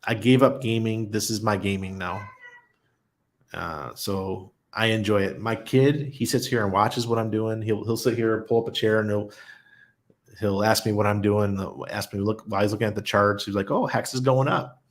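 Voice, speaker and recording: A middle-aged man hosts a crypto channel's casual livestream, his voice fairly low and fairly flat in pitch at a normal speed. He's chatty, tells stories, laughs easily, and reads out comments from viewers.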